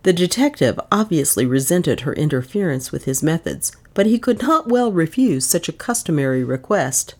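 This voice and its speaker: A woman reading a novel aloud as an audiobook narrator, with expressive storytelling. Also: low-pitched, moderate pace, hardly any pauses. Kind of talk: scripted narration.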